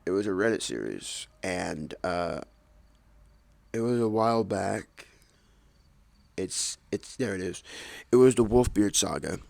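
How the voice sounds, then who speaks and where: Rambling casually on his own podcast, a man with a fairly low, gravelly, darkish voice corrects himself and tosses in jokey asides. He's expressive and unhurried, pausing often, speaking close to a desk microphone in a dry, dead-sounding home room with no echo.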